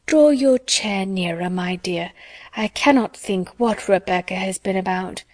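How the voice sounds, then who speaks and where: A woman's voice: mid-range voice, a little slow, a little mellow, dry recording, natural voice. Woman doing a fussy, anxious mother from a storybook, fretful and talkative. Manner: fretful, chattering.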